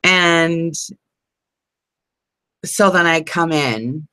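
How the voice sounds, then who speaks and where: A woman's voice: deep voice, drawn-out words, pushed and bright, smooth, no room sound, low-quality recording. A middle-aged woman chatting casually on a crafting live stream, rambling and laughing often. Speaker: crafting vlogger.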